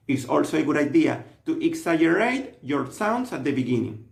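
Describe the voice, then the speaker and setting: A man giving scripted narration as a language teacher, with an instructive, steady delivery. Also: fairly high pitch, creaky. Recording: roomy echo.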